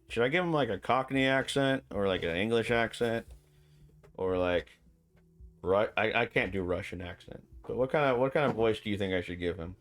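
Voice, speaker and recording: A man streaming a video game, chatting casually, joking and reading lines aloud. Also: on the low side. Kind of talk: casual playthrough commentary.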